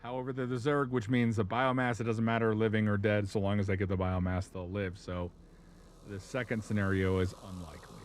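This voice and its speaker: Man, casual live-stream chat, profane, rambling, fairly low voice. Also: brisk, a little hiss or hum. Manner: profane, rambling, animated storytelling.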